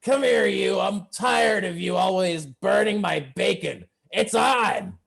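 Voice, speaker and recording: A man voicing a small, scrappy male halfling who yells in a high, feisty voice. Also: lively intonation, slow, creaky, full character voice. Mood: defiant.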